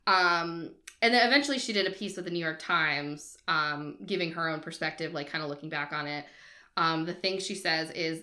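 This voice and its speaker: A woman's voice: low voice, normal speed, pushed and bright. A woman co-hosting a casual podcast, telling a story in a chatty way and laughing often. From Boston area, US.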